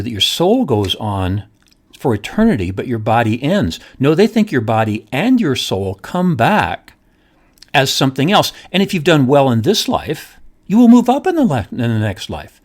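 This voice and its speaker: A man's voice: mid-range voice, very animated, moderate pace. A middle-aged man hosting a solo podcast, speaking emphatically and asking rhetorical questions. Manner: emphatic, repeats points, asks rhetorical questions. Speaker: podcast host, economist.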